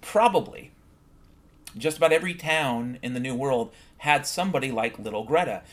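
A man's voice: medium pitch, expressive, normal speed. A man hosting a solo podcast, ranting bluntly and swearing often in a heated monologue. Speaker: podcast host.

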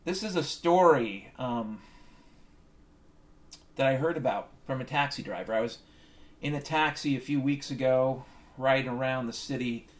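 A man's voice: medium pitch, animated, unhurried, pauses often. A man hosting a show, rambling through a profane, conspiratorial comic monologue. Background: piano music.

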